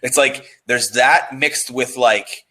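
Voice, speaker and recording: A man's voice: mid-range voice, takes it slowly, pushed and bright, rough recording. A man being interviewed about copywriting, talking in a loose, profane, restless way and often restarting his words. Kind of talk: casual conversation.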